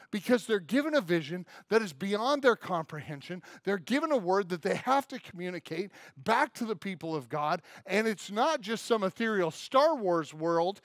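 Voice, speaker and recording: A man preaching a sermon as pastor, telling stories in an animated way and acting out the voices of puzzled listeners. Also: high voice, dry recording, studio quality.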